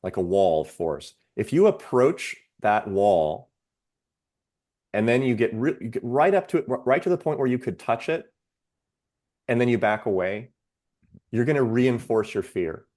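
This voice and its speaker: A man's voice: medium pitch, animated, a little mellow. A man, a psychiatrist guest on a podcast, explaining ideas steadily with worked examples. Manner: measured, lays out ideas with examples. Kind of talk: explanatory interview talk.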